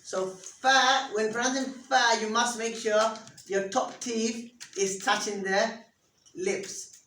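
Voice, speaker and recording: A woman teacher speaks slowly and patiently, walking her class through each step in a slightly high voice. She has the students repeat after her, and she sounds distant from the mic in an echoey room with faint background noise. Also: fairly even intonation, a bit bright. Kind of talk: interactive class lesson.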